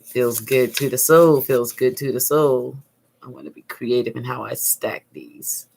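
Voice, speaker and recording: A woman giving a casual crafting tutorial, chatty and calm, thinking aloud while she works. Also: extremely low pitch, unhurried, gravelly, a little hiss or hum. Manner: calm, soothing. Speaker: craft vlogger.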